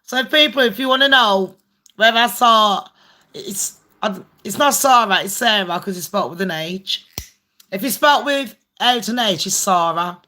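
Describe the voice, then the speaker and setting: Chatty bright-voiced woman streamer. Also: on the high side, lively intonation, moderate pace. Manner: chatty, swears freely, laughs often. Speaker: livestream host. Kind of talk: casual live-stream chat.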